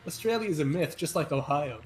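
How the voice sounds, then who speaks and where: A young man chatting casually on a gaming stream, rambling and poking fun at himself with halting restarts. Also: fairly high pitch, animated. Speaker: stream co-host. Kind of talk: casual chat. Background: music.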